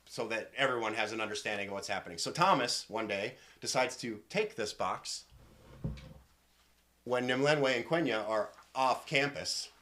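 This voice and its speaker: Bright-voiced man narrating a tabletop game. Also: mid-range voice, normal speed. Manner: hesitant storytelling with restarts. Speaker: game master.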